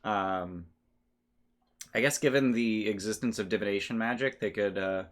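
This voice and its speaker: A man narrating as game master in a relaxed, rambling way, his voice a bit worn. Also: lowish voice, moderate pace. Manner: relaxed, rambling, laughs often. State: losing his voice.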